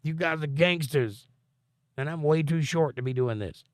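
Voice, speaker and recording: A man's voice: a little high, normal speed, slight background noise. Dry-humored man reading live chat. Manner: dry, joking and sarcastic. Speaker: livestream host. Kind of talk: casual livestream chat, reading viewer comments aloud.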